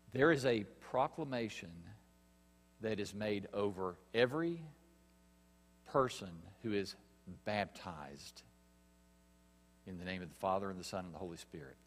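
Male pastor, sermon, low voice, emphatic, long hall reverb, faint hum. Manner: earnest, emphatic preaching with pauses and rising stress.

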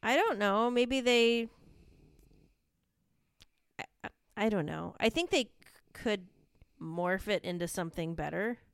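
A woman co-hosting a podcast, chatting casually about wrestling, animated and giggly, sometimes trailing off unsure. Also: medium pitch, unhurried, long pauses, clean tone, no echo, studio quality. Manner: animated, giggly, hesitant at times. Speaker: podcast co-host. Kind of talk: casual wrestling recap chat.

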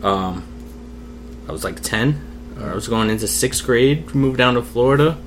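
A man's voice: medium pitch, animated, measured pace, a little hiss or hum. A young man, a podcast guest, telling a personal story in casual talk over drinks, candid and swearing freely. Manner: candid, swears freely, acts out quoted voices.

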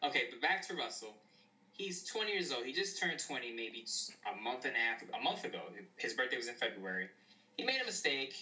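A man's voice: medium pitch, big pitch swings, fairly quick, pushed and bright, distant mic, rough recording. A man in his late twenties co-hosting a casual sports chat, giving earnest, opinionated takes. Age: late 20s. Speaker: podcast co-host.

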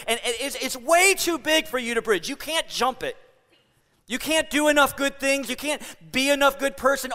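A man's voice: very high voice, sharp tone, long reverb tail. A man preaching a sermon to a congregation, playful and joking with the crowd. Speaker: pastor. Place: church hall.

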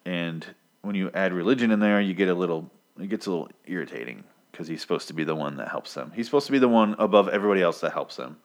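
A man's voice: sits low, expressive, fast talker. A man casually recapping a comic story in a profane, sarcastic way. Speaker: podcast host recapping a comic. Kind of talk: casual chat.

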